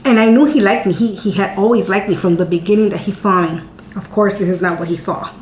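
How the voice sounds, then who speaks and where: A chatty vlogger answers viewer questions with a casual story, speaking fast in a mid-range, slightly mellow voice. She's candid and repeats words as she talks. The room is echoey with a faint hum.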